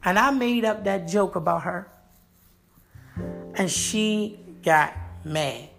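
A man telling a comic story from his own life in an animated, playful and jokey way. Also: sits high, takes it slowly, gravelly, faint music behind.

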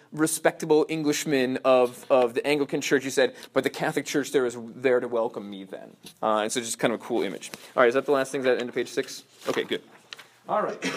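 A man's voice: medium pitch, a little hiss or hum. A man teaching a parish class in a casual, rambling way, full of fillers and restarts.

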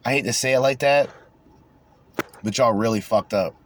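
Young guy on his podcast, mocking and swearing, mid-pitch voice. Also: moderate pace, a little hiss or hum. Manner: sarcastic, profane, mocking asides. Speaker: podcast host. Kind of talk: casual unscripted rant reading articles aloud.

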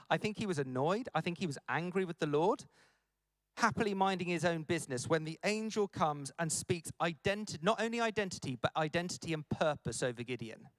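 A man preaching a conference sermon, lively and jokey, acting out the lines he quotes. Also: on the high side, brisk, no echo.

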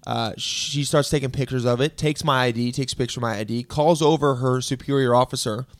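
A man casually telling a story on a podcast, laid-back and deadpan, quoting people in a flat, low voice. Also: brisk, no room sound.

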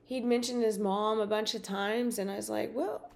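Woman, podcast host, casual storytelling, animated, lots of fillers, mid-pitched voice. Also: moderate pace, vocal fry. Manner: animated, filler-heavy, re-enacts dialogue.

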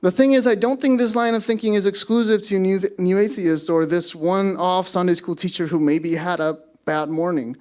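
A man's voice: sits high, steady tone, normal speed, few pauses, a little mellow. A man preaching a sermon to his congregation, conversational, with self-deprecating asides. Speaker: pastor. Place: church service.

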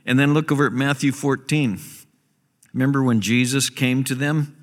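A man's voice: medium pitch, fairly even intonation, moderate pace. Pastor guy preaching, punches and repeats his points, long church reverb. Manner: emphatic, repeats key phrases for stress. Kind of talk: sermon. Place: church sanctuary.

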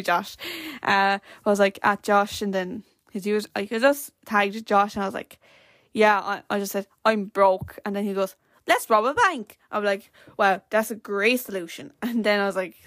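A teenage girl with an Irish accent chatting away on her solo podcast, rambling from one thing to the next with plenty of fillers. Her voice sits at an ordinary middle pitch, recorded close and dry with no room sound at all. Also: a bit bright, no room sound. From Ireland. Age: teens. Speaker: podcast host. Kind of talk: casual solo podcast chat.

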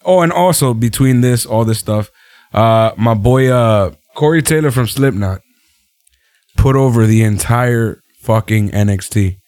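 A man co-hosting a casual wrestling podcast, loose and profane, quick to laugh and joke. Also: mid-range voice, expressive, a little mellow, no room sound, studio quality. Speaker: podcast co-host.

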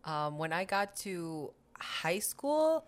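A woman's voice: on the low side, big pitch swings, slow pace. A young woman co-hosting a casual podcast, telling stories animatedly, acting out other people's voices and laughing often. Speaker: podcast co-host. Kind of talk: casual chat.

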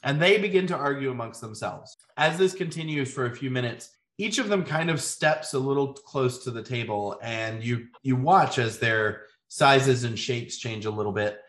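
Man, game master narrating, average pitch, calm storyteller, echoey room. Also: normal speed, hardly any pauses. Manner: calm storyteller, frequent ums.

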